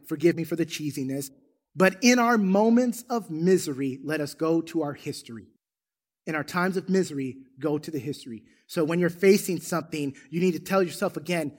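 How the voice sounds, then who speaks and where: A man preaching a sermon as a church pastor, with an animated, emphatic storytelling manner. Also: fairly high pitch. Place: church sanctuary.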